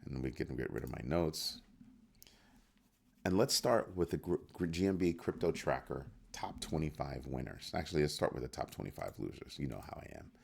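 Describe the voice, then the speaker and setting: A man's voice: rumbling low, lively intonation, moderate pace, gravelly, a little mellow, husky. A man hosting a crypto news show in casual solo commentary, firing rhetorical questions and restarting his phrases. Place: home studio at a computer.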